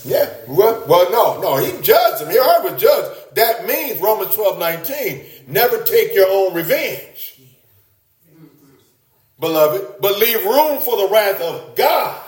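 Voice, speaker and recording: Animated preacher man in an echoey room. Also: measured pace. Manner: animated, rising high for emphasis, repeats words. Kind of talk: sermon.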